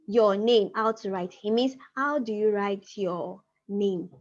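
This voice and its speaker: A woman teaching a language class over a video call, explaining patiently and slowing down to repeat key phrases. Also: mid-range voice. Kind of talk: online class lecture. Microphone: computer mic on a video call. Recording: muffled video-call audio.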